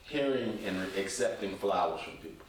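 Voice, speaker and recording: An encouraging man hosts a relaxed chat and drives his points home with emphasis. He sits back from the microphone, and a strong room echo hangs on every word. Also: deep voice, a little fast, a little hiss or hum. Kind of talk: casual podcast chat. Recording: echoey, distant from the mic.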